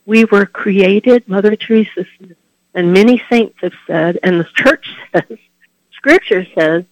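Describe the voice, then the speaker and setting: High-voiced, slow, earnest male preacher. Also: dry recording, dull audio. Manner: earnest and heartfelt, trailing off softly at phrase ends. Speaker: Catholic preacher giving a Lenten reflection. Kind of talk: devotional talk.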